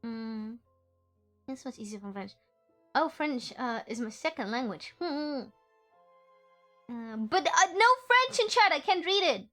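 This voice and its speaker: Playful woman streamer, high and bright, giggly, reads story text and teases chat. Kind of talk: game stream, reading story text and chatting.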